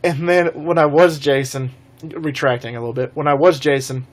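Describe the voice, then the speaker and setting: A man's voice: fairly high pitch, steady tone, moderate pace. A young man telling a rambling, laughing story on a casual live stream.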